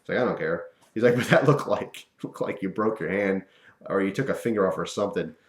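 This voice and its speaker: A man casually telling a personal story to camera, animated and chuckling, acting out the voices of the people in it. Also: deep voice, fairly quick. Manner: animated, acts out quoted voices, chuckles often. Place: room at home. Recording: roomy echo.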